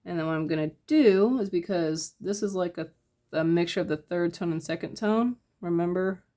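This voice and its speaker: A woman giving a casual step-by-step painting tutorial, talking her process through in a relaxed, thinking-aloud way with lots of fillers. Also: fairly low pitch, moderate pace. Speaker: painting instructor.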